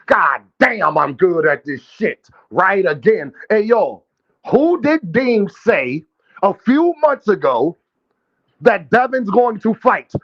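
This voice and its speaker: A boxing livestream host talks fast and loose, trash-talking brashly with lots of profanity, addressing chat directly, calling out viewers, and ordering people into his chat. His voice sits high for a man, and the dull, lo-fi sound resembles stream audio. It is casual livestream commentary.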